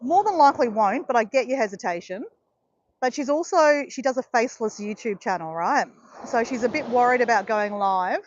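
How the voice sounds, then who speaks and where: A woman's voice: fairly high pitch, muffled recording. An Australian woman hosting a casual livestream, chatting with viewers in a rambling, encouraging way full of fillers. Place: outdoors in southeast Queensland.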